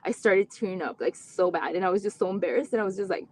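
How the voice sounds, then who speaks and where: A woman's voice: mid-range voice, fast, slight background noise. A woman, a mother, telling her family's story in an earnest, heartfelt way, with long run-on sentences and many "like" fillers. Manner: animated when retelling conversations. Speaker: parent guest. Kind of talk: candid personal storytelling in a live interview.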